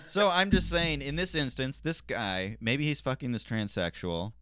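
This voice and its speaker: A man's voice: mid-range voice, moderate pace, bright, forceful tone, clear, resonant tone, no echo. A man co-hosting a comedy podcast, making rambling, crude points in loose banter. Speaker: podcast co-host.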